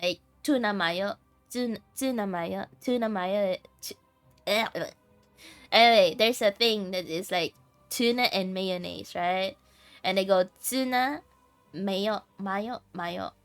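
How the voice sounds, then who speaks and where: A woman with a Filipino accent chats casually while streaming a game, giggling often through her stories. She speaks slowly in a dry, close sound, with faint music underneath. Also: mid-range voice, fairly bright tone, clean tone, no room sound. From Philippines. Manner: giggly storytelling, laughs often. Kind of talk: casual chat while gaming.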